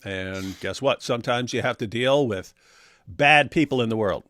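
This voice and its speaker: A man's voice: medium pitch, moderate pace, a bit bright, dry recording. Sarcastic man on a dry live stream. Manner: sarcastic, mocks comments with exaggerated voices and laughs. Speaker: co-host of an apologetics talk stream. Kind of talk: casual live-stream chat, reading viewer comments.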